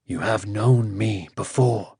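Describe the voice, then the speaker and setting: A man's voice: takes it slowly, gravelly, a little mellow, slightly rough, dry recording, studio quality, exaggerated voice. A man doing a proud, imperious would-be god. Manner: grim, ringing and imperious, deep proud voice.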